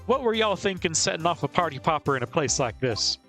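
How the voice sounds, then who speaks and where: A man voices a brash Southern woman photographer from a video game, all exaggerated drawl and bossy folk sayings. The voice sits higher than a typical man's, and faint game music runs underneath. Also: animated, fast talker. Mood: scolding. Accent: put-on American Southern drawl. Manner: loud drawling twang, bossy and folksy.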